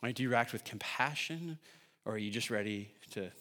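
A man in his thirties preaching a sermon as a pastor, conversational and jokey, tagging his points with quick asides to the congregation. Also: mid-range voice. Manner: animated and conversational, jokey asides, constant "right?" tags. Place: large church hall. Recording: long hall reverb.

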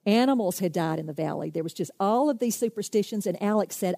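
A woman preacher with a low, warm and husky voice, earnest and emphatic, often dropping into a softer hush. Her voice is picked up close on a dry mic with no room echo. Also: fast, hardly any pauses. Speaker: women's ministry speaker. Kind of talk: sermon with storytelling and prayer.

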